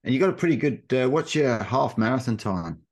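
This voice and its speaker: A man's voice: medium pitch, animated, brisk, a little mellow. A man hosting a casual interview podcast, asking questions with fillers and hesitations. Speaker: podcast host.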